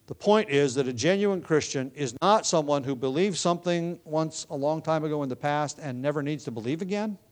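A man giving an expository sermon, teaching in a measured, explanatory way with occasional restarts. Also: on the high side. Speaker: preacher.

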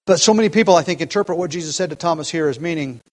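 A man's voice: fairly high pitch, rapid-fire, poor audio. Earnest man preaching with emphasis. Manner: earnest, emphatic, with frequent restarts and varied pace. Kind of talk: expository sermon.

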